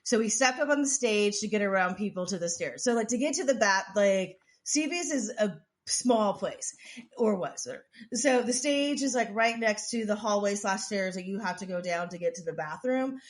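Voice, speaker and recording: A woman's voice: mid-range voice, normal speed. A woman co-hosting a podcast, telling a story in casual chat with lots of swearing, restarts and "like". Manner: profane, rambling, with frequent restarts and "like". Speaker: podcast co-host.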